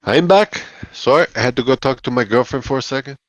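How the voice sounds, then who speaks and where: A man's voice: medium pitch, little pitch movement, quick pace, no room sound. A man hosting a casual betting stream, teasing and swearing as he talks with friends over headsets. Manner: loud, teasing, profane. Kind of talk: casual chat while betting on fights.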